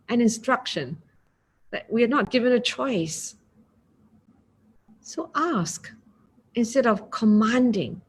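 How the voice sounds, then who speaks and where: Slow, gentle Singaporean woman teaching mindfulness. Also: fairly high pitch, very animated, breathy edge. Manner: gentle, unhurried, acts out example phrasings. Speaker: meditation teacher. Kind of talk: mindfulness talk.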